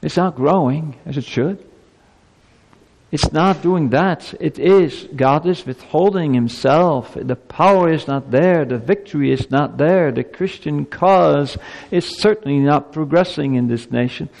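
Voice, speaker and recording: A man's voice: on the high side, measured pace, gravelly, a little mellow. A man preaching a sermon to a congregation, emphatic, with rhetorical questions and stammered repeats. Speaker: pastor. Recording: long hall reverb.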